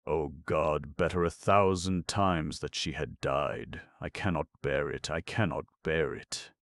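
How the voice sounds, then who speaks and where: A man doing a proud, histrionic rich gentleman who breaks into howling, sobbing shouts. The audiobook voice stays very deep and gravelly under the strain, recorded dry and close. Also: a little slow, dry recording. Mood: anguished, shouting. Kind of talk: audiobook character reading.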